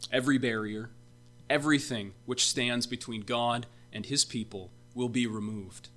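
Bright-voiced male pastor preaching. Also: mid-range voice, fairly even intonation, moderate pace. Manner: emphatic preaching with rhetorical questions. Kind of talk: sermon.

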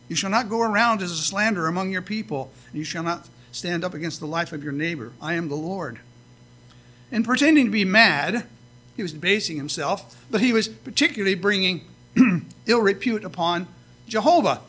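A man delivering a sermon in an earnest, conversational way, with a high and bright voice. He reads scripture aloud and lifts his voice to stress key lines. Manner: earnest, rising to emphatic scripture readings. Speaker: preacher.

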